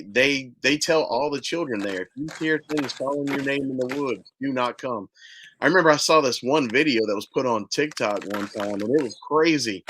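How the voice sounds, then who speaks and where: A man's voice: medium pitch, fairly bright tone, slight background noise, rough recording. A man hosting a podcast, chatting casually and retelling eerie stories with emphasis. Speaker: podcast host. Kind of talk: casual chat.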